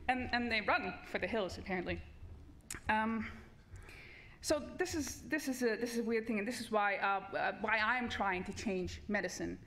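A woman's voice: mid-range voice, normal speed, fairly bright tone. A woman researcher giving a comic debate speech on a festival stage, full of hesitant restarts and wry humor.

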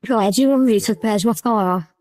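A woman's voice: medium pitch, fast talker, darkish tone, no room sound, rough recording. A woman hosting a livestream panel, confrontational as she calls out a guest. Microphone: online call.

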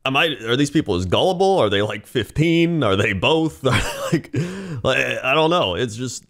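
A man's voice: mid-range voice, animated, moderate pace, a bit bright. A young man co-hosting a podcast, reading an article aloud and mocking it with frequent laughs. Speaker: podcast co-host. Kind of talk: casual chat.

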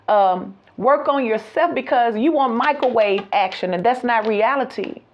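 High, animated woman reading tarot. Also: highs cut off. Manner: animated, laughs often, sings out phrases. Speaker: tarot reader.

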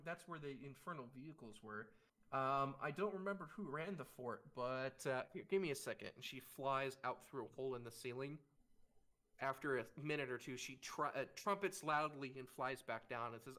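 A man's voice: medium pitch, sharp tone. A man narrating a live tabletop game as game master, with many fillers and restarts. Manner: halting, frequent fillers and restarts. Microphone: streaming mic.

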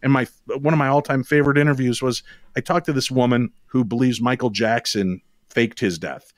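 A man who hosts a paranormal radio show, telling stories as a podcast guest in a lively, quick way with sudden jumps in pitch. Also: no echo, studio quality. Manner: animated, quick storytelling with sudden rises in pitch. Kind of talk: storytelling in a podcast interview.

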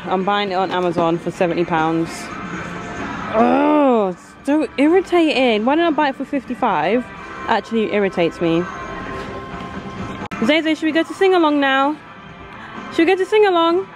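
A woman's voice: medium pitch, poor audio. A woman filming a casual vlog as a mother, talking in a chatty, exasperated, rambling way on a handheld camera in a supermarket. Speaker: vlogger and mother. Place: supermarket, indoors.

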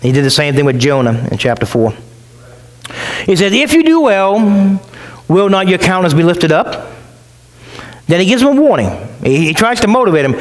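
High-voiced man preaching a sermon. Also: very animated, normal speed, low-quality recording. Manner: conversational preaching, acts out quoted voices. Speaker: pastor. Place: church.

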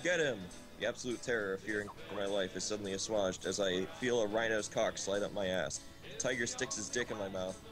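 A man streamer reading a story aloud in a deadpan comic way, tripping on words now and then. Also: on the low side, fast talker. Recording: loud game music behind. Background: game music.

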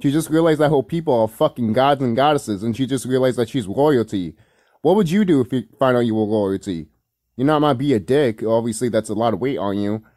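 A man's voice: mid-range voice, animated, a little fast, a little mellow, dry recording, studio quality. A man giving casual, rambling reaction commentary on a cartoon, full of fillers, swearing and laughter. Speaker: video commentator.

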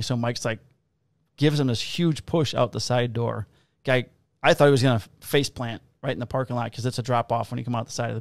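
A man, a police officer co-hosting a podcast, telling work stories in a casual, profane, animated way and acting out the quotes. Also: mid-range voice, no room sound. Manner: profane, animated storyteller who acts out quotes. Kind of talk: casual chat, storytelling.

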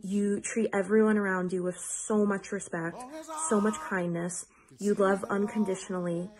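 A woman's voice: mid-range voice, fairly even intonation, moderate pace, a crowd in the background. A woman giving an earnest, emotional get-well message to a friend, repeating herself for emphasis.

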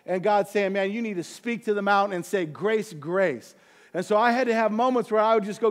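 A man's voice: high voice, a little fast. A middle-aged man preaching to his congregation, talking casually and asking them questions along the way. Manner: conversational, animated preaching with asides to the congregation. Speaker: pastor. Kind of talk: sermon.

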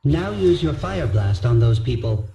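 A man voicing a calm, formal male AI helper in a video game, with a tinny robotic voice and precise phrasing. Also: medium pitch, unhurried, creaky, slight background noise, exaggerated voice. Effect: robot filter. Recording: roomy lo-fi game audio with music. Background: game music.

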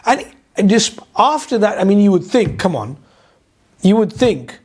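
A man with a high, husky voice teaches a Quran lesson. He talks in an animated way, stumbles over fillers and recites verses quickly. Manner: animated, mixes English with Urdu and Arabic recitation, many fillers. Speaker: Islamic teacher.

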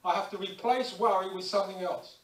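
A man preaching a lively sermon in a church, acting out little everyday scenes and prayers as he goes. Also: high-pitched, fairly quick. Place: church hall. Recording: echoey church hall, distant mic.

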